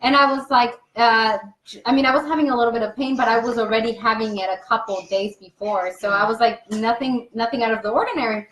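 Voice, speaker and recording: A young woman telling a story in casual chat, animated and laughing as she acts out what people said. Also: a little high, fast talker. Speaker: co-host. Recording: echoey room.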